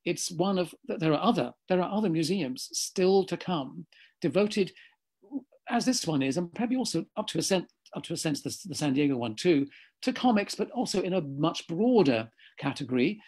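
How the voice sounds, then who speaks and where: A slightly hoarse man giving a discursive lecture over a video call, often correcting himself mid-sentence. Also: on the high side, animated, fairly quick, a little mellow.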